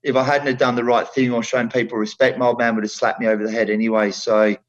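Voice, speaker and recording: A middle-aged man speaks bluntly and with passion, in an earthy, plain-spoken way full of restarts. His voice sits at a medium pitch and comes over a somewhat dull, lo-fi remote line. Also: flat delivery, fast talker. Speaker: former footballer guest. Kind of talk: casual interview chat.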